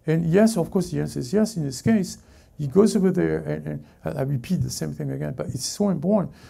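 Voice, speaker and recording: Gravelly dark-voiced male pastor preaching. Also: on the high side. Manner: halting, self-correcting preaching with many restarts. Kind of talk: sermon. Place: church service before a congregation.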